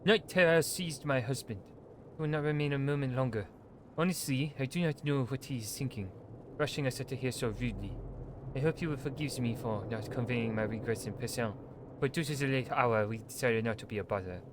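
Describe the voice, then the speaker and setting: A man's voice: medium pitch, a little fast, noisy background, natural voice. A man voicing a refined woman who writes an apologetic farewell letter, read aloud in a hammy mock French accent.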